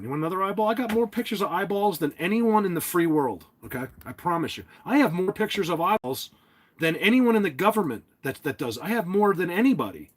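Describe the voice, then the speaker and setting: A man with a New Jersey accent hosts a live stream from his phone at a desk, emphatic and quick to yell. His husky voice swings widely in pitch as he stumbles over restarts. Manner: emphatic, yells, stammering restarts. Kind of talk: excited live-stream talk.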